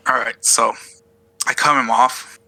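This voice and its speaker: A man playing a tabletop game, casual, easily flustered and quick to swear. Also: mid-range voice, steady tone, sharp tone, no room sound, low-quality recording. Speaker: player.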